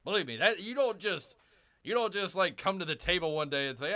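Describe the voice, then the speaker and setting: Casting note: lively male game streamer, bright and animated, chatty, talks straight to his viewers. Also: sits high, a little fast. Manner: excitable, chatty, keeps addressing viewers as "people". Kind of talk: casual livestream chat.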